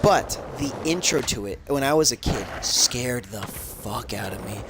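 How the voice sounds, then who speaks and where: A man's voice: mid-range voice, lively intonation, unhurried. A young man streaming a game, telling a childhood story in casual chat, laid back and swearing. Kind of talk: casual chat while gaming. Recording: crackly, noisy audio.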